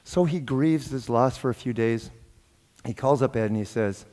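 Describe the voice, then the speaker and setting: Male guest minister, mid-pitched, lively storyteller, long hall reverb. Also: normal speed. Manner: animated, laughs often, acts out quoted dialogue. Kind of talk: sermon with jokes and storytelling. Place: church sanctuary.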